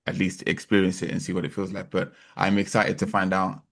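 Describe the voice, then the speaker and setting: A man with a very deep, gravelly voice co-hosts a casual podcast. His tone is husky and a little rough, and he rambles along, hesitating and repeating words. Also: completely flat delivery, fairly quick, fairly bright tone. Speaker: podcast co-host. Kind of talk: casual chat.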